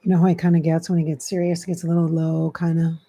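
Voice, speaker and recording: A middle-aged woman, a psychic medium, channeling spirits on a livestream, speaking softly and often slipping into hushed whispers close to her mic. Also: sits low, little pitch movement, fast. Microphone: close desk mic.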